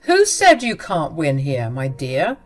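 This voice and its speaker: A woman's voice: low-pitched, wildly swooping pitch, slow pace, faint music behind, pitched below the performer's own voice, heavily acted. A woman voicing a sympathetic older father-in-law who speaks in a firm, reassuring way.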